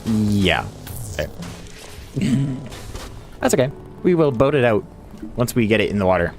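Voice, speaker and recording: Male streamer, low voice with a lively swing, casual play-by-play, quiet music underneath. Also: measured pace. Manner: chatty, laughs often, talks to himself while playing. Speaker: game streamer. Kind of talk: casual live-stream commentary. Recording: faint music behind.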